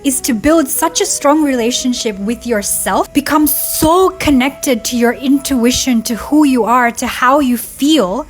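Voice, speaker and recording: A woman's voice: high-pitched, measured pace, hardly any pauses, soft background music. A young woman vlogger telling a heartfelt personal story in a casual, conversational way, tearing up at times. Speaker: spiritual vlogger.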